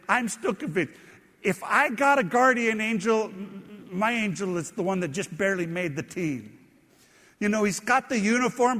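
A pastor with a notably high, slightly bright voice preaches in a church sanctuary, where a long reverb carries his words. He shares stories of his own mishaps with easy, self-deprecating humor before turning to praise.

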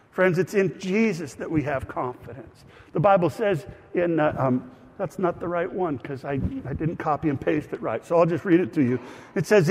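Pastor, male, folksy self-deprecating sermon storyteller, lightly high voice, reverberant hall. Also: a little mellow. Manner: conversational storytelling with asides and self-deprecating humor.

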